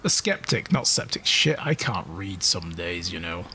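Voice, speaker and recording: A man's voice: sits low, big pitch swings, a little slow, pushed and bright, a little hiss or hum. A man streaming a video game, chatting casually and reading its text aloud, joking at his own expense and swearing freely. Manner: joking, self-mocking, swears freely, laughs often.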